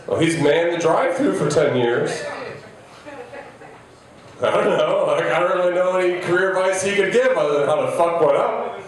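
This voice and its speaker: A man in his thirties doing a stand-up set, rambling and self-deprecating, with halting restarts. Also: high voice, animated. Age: 30s. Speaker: stand-up comedian. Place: comedy club stage. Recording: echoey live venue, mic heard from a distance.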